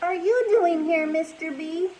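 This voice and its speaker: A woman's voice: extremely high pitch, a little slow, a little mellow, a little hiss or hum, voice pushed up, poor audio. A woman voicing a bold, no-nonsense little girl who bargains firmly. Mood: surprised, pleading. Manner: firm, bargaining.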